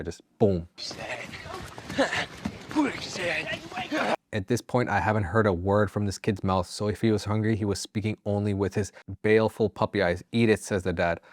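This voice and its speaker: Low-voiced man reading stories casually. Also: no room sound. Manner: casual, swears freely, jokey asides. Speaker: story narrator and channel host.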